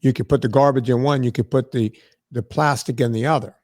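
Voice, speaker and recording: A man's voice: medium pitch, steady tone, fairly quick, a little mellow, dry recording, studio quality. A man hosting a podcast, telling a story in a casual, profane, exasperated way. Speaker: podcast host.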